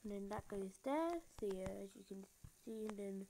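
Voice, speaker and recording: A woman narrates a casual building tutorial while she plays, rambling and filling gaps as she goes. She makes fun of her own mistakes. Her voice sits at an everyday middle pitch, picked up by a phone screen recorder with a faint hiss underneath. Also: expressive, normal speed, mellow, poor audio. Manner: rambling, filler-heavy, self-mocking. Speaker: game tutorial maker. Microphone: phone screen recorder mic.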